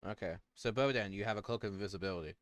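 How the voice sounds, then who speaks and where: A man acting as dungeon master, giving quick rulings and narrating the action in a tabletop game over voice chat. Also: fairly low pitch, clean tone, no echo.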